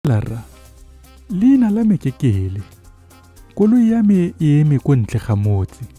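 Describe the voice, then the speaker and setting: A man's voice: on the high side, huge pitch swings, measured pace, warm tone, faint music behind, pitched above the performer's own voice, full character voice. A man voicing a young woman stranded with a broken car, asking politely for help. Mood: pleading.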